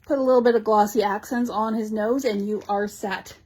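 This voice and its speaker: A woman with a Canadian accent hosting a live shop showcase of new craft supplies, bubbly and gushing, with quick asides to her viewers. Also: mid-range voice, fairly even intonation, a little mellow, poor audio. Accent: Canadian English. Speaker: shop host showing new craft products. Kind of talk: live product showcase chat.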